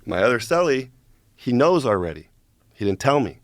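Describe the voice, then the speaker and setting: A man's voice: mid-range voice, sing-song, normal speed, no echo, studio quality. A man casually telling a long story as a guest, profane and rambling, checking in with "right?" as he goes.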